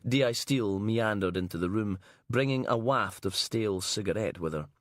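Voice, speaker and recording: Brief: male audiobook narrator, measured crime-novel reading, lowish voice, dead-dry close recording. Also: dry recording.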